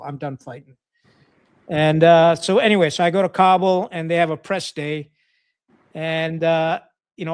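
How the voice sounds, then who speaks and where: A middle-aged man from Pakistan, a retired Marine officer, telling war stories as a podcast guest in a blunt, profane, casual way and acting out quoted dialogue. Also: a little high.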